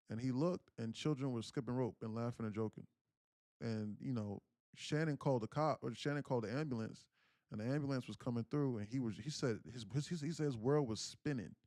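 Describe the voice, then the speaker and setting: Young New guy hosting a trading stream, loose and slangy, mid pitch, bone-dry mic. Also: no room sound. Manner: emotional storyteller, acts out quoted pleas loudly; casual slangy speech with frequent fillers. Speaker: day trading livestream host. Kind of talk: casual livestream storytelling.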